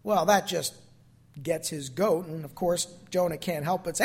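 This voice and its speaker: A man's voice: high voice, normal speed, fairly bright tone, slightly rough. A man preaching a sermon, asking the congregation pointed rhetorical questions and acting out quotes with feeling.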